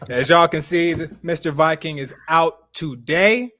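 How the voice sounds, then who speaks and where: A man hosting a casual gaming podcast, energetic and talking straight to his viewers. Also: a little high, unhurried. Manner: energetic, hype, calls out to viewers. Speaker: podcast host.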